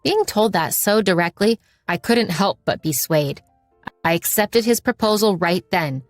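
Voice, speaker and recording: A woman reading a scripted first-person story in a steady, measured way. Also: mid-range voice, dry recording, faint music behind. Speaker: narrator.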